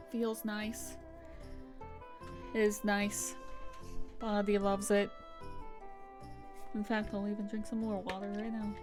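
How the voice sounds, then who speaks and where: A young adult woman streamer giving casual gameplay commentary, rambling and chatty with lots of "like" fillers. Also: medium pitch. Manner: rambling, chatty, heavy use of "like".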